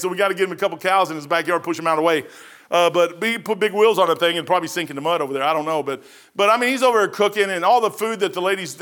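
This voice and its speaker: High, bright-voiced preacher man. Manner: folksy, emphatic preaching with bursts of shouting. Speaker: pastor. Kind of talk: sermon.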